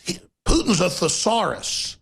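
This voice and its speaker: A male talk radio host rants in an emphatic, sarcastic monologue and speeds up in rapid bursts. His voice sits fairly high for a man and carries a rough, gravelly rasp with a husky edge. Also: very animated, a bit bright.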